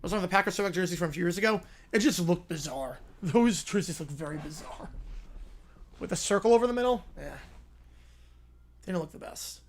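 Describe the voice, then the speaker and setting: A man hosting a live stream, calling football play-by-play and answering viewer questions between plays. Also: high voice. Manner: rises and slows into excited calls on big plays, drops to quiet asides answering chat.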